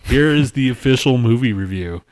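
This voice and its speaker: A man in casual podcast chat, rambling through a story and swearing constantly. His pitch sits in an ordinary middle range. He acts out the people he complains about with loud, animated imitations. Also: moderate pace, a little hiss or hum. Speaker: podcast co-host.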